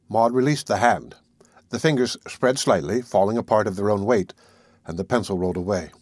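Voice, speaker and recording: A man narrating an audiobook in the first person, reading in a measured, dramatic way. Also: lowish voice, darkish tone, breathy edge, no echo, clean studio sound.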